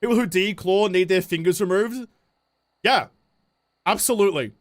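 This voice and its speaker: A man's voice: sits high, normal speed. Profane New Zealand man ranting. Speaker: streamer. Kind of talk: casual livestream chat while gaming.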